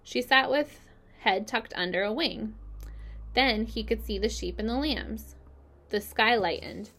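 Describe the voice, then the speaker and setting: A woman narrating a children's storybook in a gentle, expressive way. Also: on the high side, unhurried. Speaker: reader.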